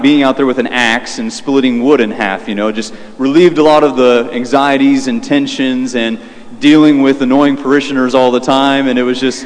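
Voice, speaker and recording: A young man, a Catholic priest with a mid-range voice, preaches conversationally in a large hall. He tells a personal story, using fillers and restarting sentences along the way.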